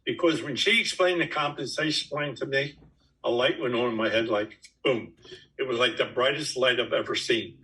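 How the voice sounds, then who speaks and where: A man's voice: medium pitch, normal speed, bright, forceful tone, low-quality recording. A man in his nineties tells his own story to his team in an emphatic, folksy way. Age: 90s. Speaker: network marketing top earner speaking to his team. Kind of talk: storytelling answer to a question.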